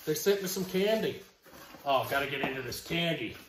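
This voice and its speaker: High-voiced man rambling through an unboxing. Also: animated, normal speed, fairly bright tone, echoey room, a little hiss or hum. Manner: rambling, self-deprecating, with frequent restarts. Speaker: collectibles vlogger. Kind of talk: casual unboxing chat.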